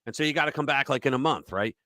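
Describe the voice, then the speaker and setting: A man's voice: medium pitch, racing, bright, forceful tone, dry recording. A man hosting a casual political talk show, retelling a story in a rambling way with restarts and fillers. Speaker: host.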